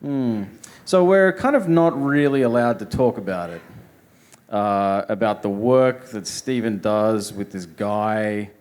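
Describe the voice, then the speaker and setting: A man's voice: lowish voice, lively intonation, takes it slowly, darkish tone. A man hosting a live interview in a store, asking questions with hesitant joking asides. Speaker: host. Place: sneaker store live event.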